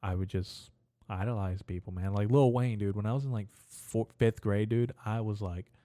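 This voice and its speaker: Low-voiced, rambling, profane young man. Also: steady tone, normal speed, warm tone, no room sound, clean studio sound. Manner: profane, meandering, talks to himself. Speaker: podcast host. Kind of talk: rambling solo podcast monologue.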